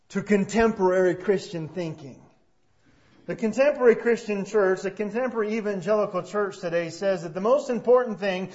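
A high-pitched male pastor delivers a sermon, building from quiet, measured passages to forceful emphasis on key phrases. The recording sounds dull and lo-fi, as if taped in a church auditorium. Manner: prays softly, then preaches with rising emphasis. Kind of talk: sermon with opening prayer.

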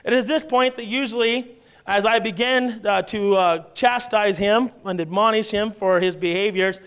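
Smooth high-voiced man preaching a sermon. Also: moderate pace, fairly bright tone. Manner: conversational storytelling, wry humor. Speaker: pastor. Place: church.

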